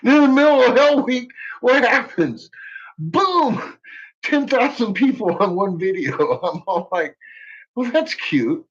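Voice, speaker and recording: A man's voice: very high-pitched, very animated, slow pace, fairly bright tone, breathy edge, muffled recording. A man chatting casually to his viewers on a stream, laughing constantly between lines and swearing heavily. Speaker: livestream host. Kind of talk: rambling casual chat to viewers.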